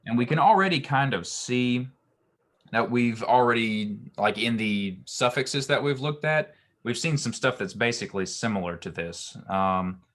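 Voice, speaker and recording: A man's voice: medium pitch, animated, a little slow, fairly bright tone. A man teaching a Hebrew grammar lesson, explaining patiently with frequent ums and restarts.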